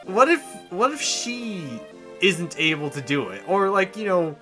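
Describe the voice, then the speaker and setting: Man, game streamer, casual commentary, animated, lively pitch, game music behind. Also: measured pace. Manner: animated, laughing, chatty reactions. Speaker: streamer playing a video game. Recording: game music playing underneath.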